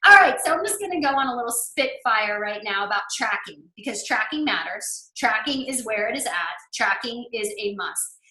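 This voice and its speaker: A woman's voice: fairly high pitch, lively intonation, normal speed, few pauses, bright, forceful tone. Chatty, emphatic woman coach in an echoey room. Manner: chatty and emphatic, heavy use of "like". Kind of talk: coaching presentation.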